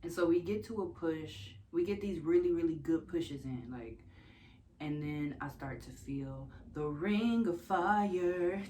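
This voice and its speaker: Candid, low-voiced young woman telling a story. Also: a little slow, a little hiss or hum. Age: young adult. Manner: candid, animated, swears freely, laughs often. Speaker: vlogger telling her birth story. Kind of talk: casual storytelling vlog.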